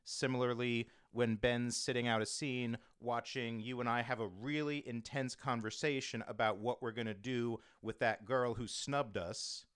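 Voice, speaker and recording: A man hosting a casual roundtable chat about tabletop games, explaining things briskly. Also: mid-range voice, a bit bright, smooth, no room sound, clean studio sound. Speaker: podcast host and game master.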